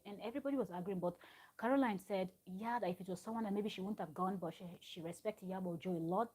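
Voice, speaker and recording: A woman's voice: mid-range voice, fast, warm tone, husky. A woman, recapping a reality show on a live stream from home, telling it in a chatty, digressive way with asides to her viewers. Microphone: live-stream microphone.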